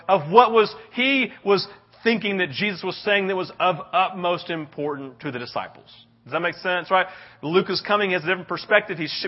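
Man, pastor, sermon, animated, acts out scenes, slightly high voice, dull lo-fi sound.

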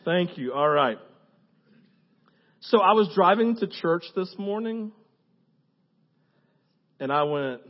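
A man preaches to his church in an animated, conversational sermon, drifting into quick asides to the congregation. His voice sits high for a man. The recording sounds dull and lo-fi. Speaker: pastor.

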